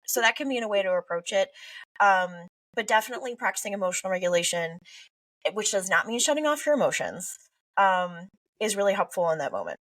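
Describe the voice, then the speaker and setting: A woman's voice: mid-range voice, brisk, no echo, recorded from a distance. A young woman, a family therapist, talking expressively in a podcast interview and acting out parents and teens. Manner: expressive, animated, acts out quoted parents and teens.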